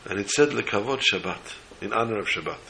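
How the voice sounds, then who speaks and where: A man's voice: fairly low pitch, a little fast, gravelly, a little hiss or hum, rough recording. A man telling a religious story as a sermon, acting out the characters' voices with feeling. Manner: animated storyteller voicing characters.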